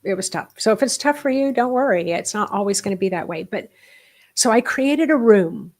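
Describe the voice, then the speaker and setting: A middle-aged woman speaks at an ordinary middle pitch as she runs a live-streamed spiritual workshop. Her teaching is animated and emphatic, racing through some phrases and drawing others out into soft, hushed asides.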